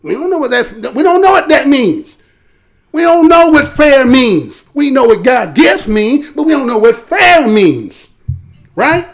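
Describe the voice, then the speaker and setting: Gravelly man ranting live. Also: very high voice, measured pace. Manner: loose and animated, often acts out quotes in a mocking voice. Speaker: live show host. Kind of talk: live-streamed news commentary.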